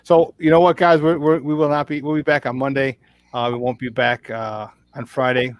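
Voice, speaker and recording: A man's voice: mid-range voice, flat delivery, moderate pace, dry recording. A man hosting a sports talk show in casual on-air chat, upbeat, laughing often, with many fillers and restarts. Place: remote virtual studio.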